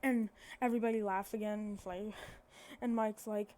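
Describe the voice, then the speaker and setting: Mellow rambling woman telling a fan story. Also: medium pitch, steady tone, normal speed. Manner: rambling, self-correcting, many fillers. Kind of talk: casual fan-fiction storytelling.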